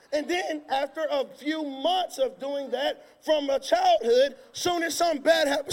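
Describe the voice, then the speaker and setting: A male pastor preaching a sermon from a church stage, emphatic and repetitive, breaking into sudden shouts. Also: extremely high pitch, normal speed, hardly any pauses, a little hiss or hum. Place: church stage before a congregation. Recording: long reverb of a large hall.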